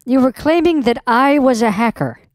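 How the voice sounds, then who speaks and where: Scherpe, eisende vrouw aan de telefoon. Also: female voice, high-pitched, expressive, normal speed, no echo, studio quality. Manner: confrontational, demanding, swears. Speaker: scam baiter posing as a customer. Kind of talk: prank phone call.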